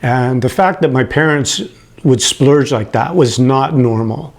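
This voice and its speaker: A man in his late fifties telling a personal story, animated and prone to chuckling, who gets emotional as he talks. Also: medium pitch, unhurried. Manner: animated, acts out the people he quotes, chuckles as he talks.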